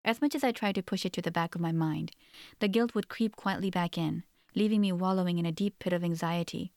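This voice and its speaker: A woman's voice: fairly low pitch, a little fast, a little mellow, no room sound, clean studio sound. A woman narrating a first-person novel in an earnest, reflective manner. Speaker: audiobook narrator.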